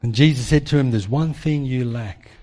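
A man preaching a sermon in an animated way, acting out the voices of people in his stories. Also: mid-range voice, moderate pace. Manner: animated, acts out quoted voices. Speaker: pastor. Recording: long hall reverb.

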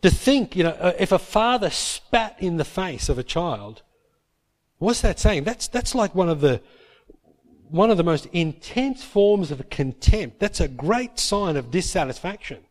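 A man preaching a sermon, retelling Bible stories with lively acted-out quotes. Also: sits high, a little slow. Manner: lively storytelling, acts out biblical characters in quotes. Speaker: pastor.

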